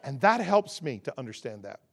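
A man preaching as a guest, stacking rhythmic contrasts that swell loud and then dropping into a relaxed, conversational and humorous storytelling tone. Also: fairly quick, creaky, slightly rough. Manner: rhythmic call-and-response contrasts, rising to loud emphasis then dropping low. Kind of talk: sermon.

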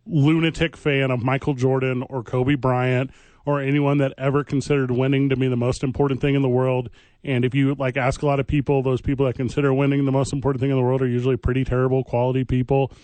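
A man co-hosting a sports radio show, bantering casually with sarcastic, quick rants. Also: mid-range voice, little pitch movement, darkish tone, no echo, poor audio.

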